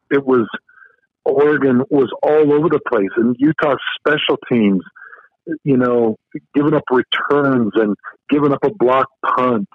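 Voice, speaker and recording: A man's voice: medium pitch, dry recording. A man co-hosting a sports podcast, giving an emphatic, detailed breakdown of a game. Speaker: co-host. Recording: tinny phone-line sound.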